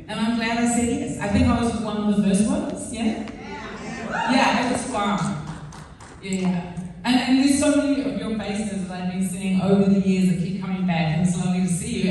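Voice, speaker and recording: A woman's voice: mid-range voice, brisk, dark tone, a little hiss or hum. A woman with a New Zealand accent answering fan questions on a convention panel, chatty and self-deprecating, laughing often. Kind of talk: casual panel Q&A. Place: large convention hall. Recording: echoey hall recorded from far off.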